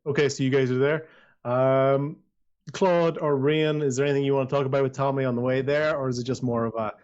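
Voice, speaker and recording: A man's voice: mid-range voice, fairly even intonation, brisk, a little mellow. Guy running a dnd game, rambly, lots of restarts, kinda dull lo-fi sound. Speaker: dungeon master. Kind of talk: narrating a tabletop game. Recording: slightly dull lo-fi audio.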